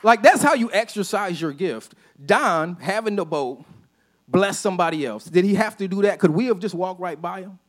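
A man preaching a sermon as a pastor, telling a personal story in a casual, conversational way and often dropping to a soft, low voice for emphasis. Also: expressive, moderate pace. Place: church sanctuary.

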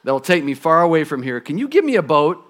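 A man voicing a weary, needy boy grown old in a children's storybook read-aloud, flat and grumbling. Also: on the high side, quick pace. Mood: demanding.

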